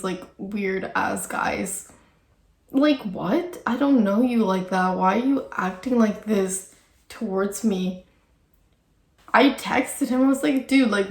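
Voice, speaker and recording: A young adult woman vlogger telling a casual storytime, with vocal fry and a chatty, gossipy manner full of "like". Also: medium pitch. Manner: chatty, filler-heavy, gossipy with frequent "like". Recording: echoey room with faint music.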